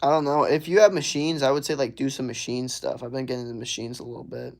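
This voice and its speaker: Gravelly laid-back young man. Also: mid-range voice, steady tone, quick pace, darkish tone. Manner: laid-back, drawling, says "bro" and "hell yeah" a lot. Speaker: livestreamer. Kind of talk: casual livestream chat reading viewer comments.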